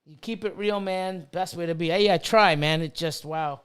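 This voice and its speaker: Middle-aged man, higher-pitched voice, heated and profane casual stream rant. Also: moderate pace, fairly bright tone, smooth. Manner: profane, heated, repetitive ranting. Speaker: livestream host and reptile breeder.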